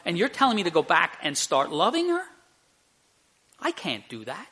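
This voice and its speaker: A man voicing an indignant, exasperated married man who protests loudly. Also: mid-range voice, huge pitch swings, moderate pace, slightly rough, voice pushed down, heavily acted.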